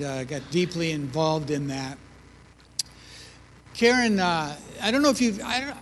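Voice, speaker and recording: A man's voice: fairly high pitch, a bit bright, in a large hall, slight background noise. An older man telling his testimony in a sermon, with humor, to a congregation. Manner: storytelling, self-deprecating humor. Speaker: preacher.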